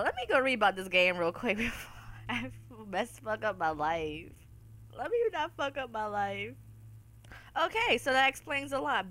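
A woman's voice: medium pitch, a little hiss or hum. A woman hosting a horror game let's-play, swearing and crying out in fright while talking to her viewers. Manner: jumpy, swearing, loud frightened outbursts; talks to viewers as y'all. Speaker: gaming video host.

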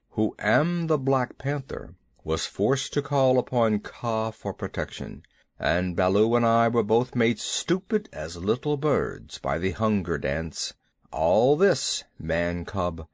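A man's voice: dry recording, studio quality. A man doing a stern black panther. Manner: stern, lowered voice. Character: stern male black panther, proud and protective. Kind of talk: audiobook character voice.

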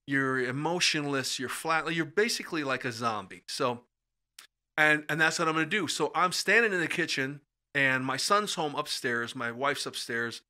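Animated middle-aged storyteller, bright voice. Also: male voice, a little high, normal speed. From USA. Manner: animated, acts out quoted voices. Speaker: podcast guest storyteller. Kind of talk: casual storytelling in conversation.

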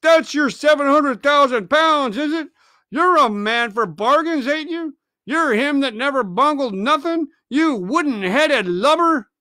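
A man voicing a furious young pirate mutineer in a storybook reading, shouting and sneering. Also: very high-pitched, animated, a little slow, no room sound, clean studio sound, pitched above the performer's own voice, heavily acted. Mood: scornful.

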